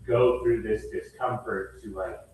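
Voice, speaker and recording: A man's voice: on the low side, steady tone, unhurried, a little mellow. Hesitant man asking from the floor. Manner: hesitant, many fillers. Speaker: audience member asking a question. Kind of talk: casual question from the floor. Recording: echoey hall, far from mic, faint noise.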